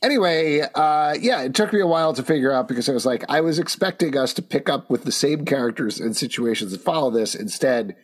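A man co-hosts a casual comic book review show and cracks jokes between reading out credits. His voice is slightly husky. His pitch swings widely as he talks. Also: animated, brisk, few pauses. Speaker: podcast co-host.

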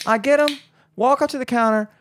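A man's voice: very high-pitched, a little fast, a little hiss or hum. A young man, telling a rambling, profane story in casual podcast chat and acting out the people in it. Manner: rambling, profane, animated, acts out voices.

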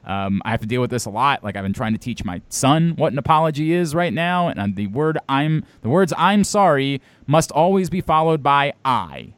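A man's voice: mid-range voice, lively intonation, moderate pace, few pauses, clean tone, no room sound. A man in his thirties from Baltimore, co-hosting a casual podcast chat, talking bluntly and emphatically with some swearing.

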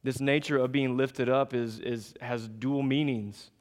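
A man's voice: mid-range voice, steady tone, darkish tone. Man preaching in an echoing hall. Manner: measured preaching that builds to raised emphatic passages. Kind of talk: sermon. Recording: long reverb of a large hall.

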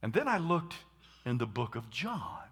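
A man preaching a sermon, animated, acting out scenes and shouting dramatically. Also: mid-range voice, moderate pace, slightly rough.

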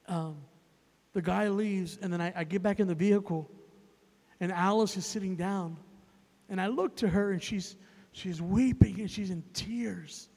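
A male evangelist preaching a sermon as a story, emphatic and repetitive, building up to loud peaks. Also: high-pitched, gravelly, long reverb tail.

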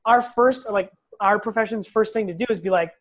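Blunt, animated man telling stories. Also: high-pitched, brisk. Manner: blunt, animated storyteller who acts out quotes and swears. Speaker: guest, physical therapist. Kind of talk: casual podcast conversation.

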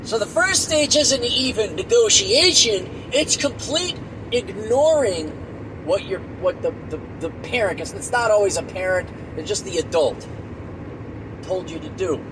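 Profane, high-pitched middle-aged man ranting in a car. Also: expressive, unhurried. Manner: profane, blunt and exasperated. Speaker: podcast host. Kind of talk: solo rant while driving. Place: inside a moving car. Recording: road noise from a car.

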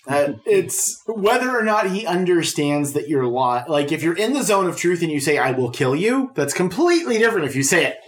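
A man's voice: high-pitched, big pitch swings, a little fast, few pauses, fairly bright tone. A man narrating as game master in a casual tabletop game, laughing often. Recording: noisy home recording.

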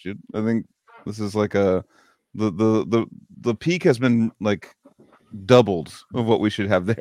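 A low-voiced man chatting loosely on a podcast, telling rambling stories with laughter and plenty of swearing. The sound is dry and close, with no room around it. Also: no room sound. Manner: rambling, laughing storyteller, heavy cursing. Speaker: podcast host. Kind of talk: casual chat.

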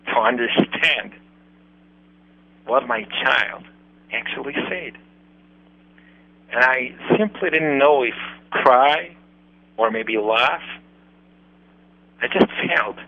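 Man, unhurried storytelling, halting English, muffled radio sound. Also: mid-range voice. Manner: earnest, halting non-native English. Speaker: radio show host.

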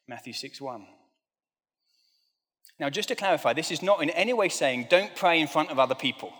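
A man preaching, with a slightly high voice that rings through a large hall. He is middle-aged and talks in a relaxed, conversational way, with gentle jokes at his own expense. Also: brisk, pauses often. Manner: conversational and self-deprecating, with light humor. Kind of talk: sermon. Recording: long reverb of a large hall.

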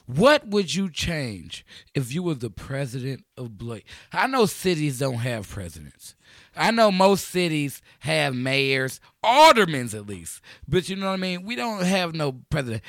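Rowdy joking Chicago radio host. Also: male voice, fairly high pitch, sing-song, unhurried, no echo. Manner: rowdy, joking, slangy, talks over friends. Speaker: community radio show host. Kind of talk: loose call-in radio banter. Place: small radio studio.

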